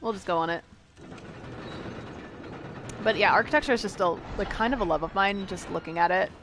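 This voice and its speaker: Her voice is medium in pitch, brisk and a bit bright as this young American streamer chats casually with viewers mid-game in a giggly, rambling style. Slight background noise is present.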